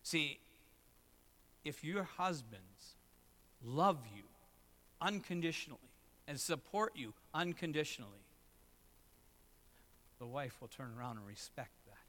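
A middle-aged man preaching a sermon as pastor, moving between loud emphatic lines and low, quiet asides. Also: lively intonation, measured pace, long pauses.

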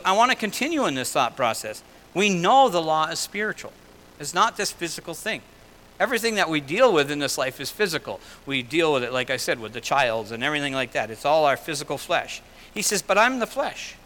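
A middle-aged man preaching a sermon, paraphrasing scripture in a conversational way and swinging between loud emphasis and quiet asides. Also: on the high side, animated, brisk, low-quality recording. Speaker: pastor.

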